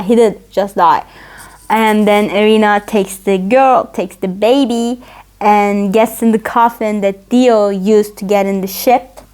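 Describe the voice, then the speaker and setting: A woman's voice: mid-range voice, darkish tone. A woman vlogger gushing about a show she loves, in a rambling, casual recap full of "like.".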